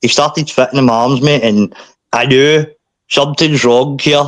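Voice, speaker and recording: A man's voice: medium pitch, fairly even intonation, no echo. Man telling a painful story. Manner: halting, repeats himself, often says mate. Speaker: podcast guest. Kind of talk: emotional personal storytelling.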